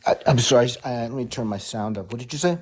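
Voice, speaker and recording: Guest: American man on a call-in debate, slow and measured, full of ums and uhs. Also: medium pitch, darkish tone. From United States. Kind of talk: live online debate.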